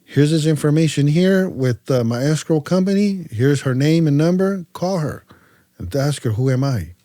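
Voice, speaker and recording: A man from California's Central Valley, a podcast guest telling stories in a casual way, acting out both sides of his conversations with lively voices and often stumbling over and repeating his words. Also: on the high side, normal speed, no echo, clean studio sound. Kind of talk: casual storytelling.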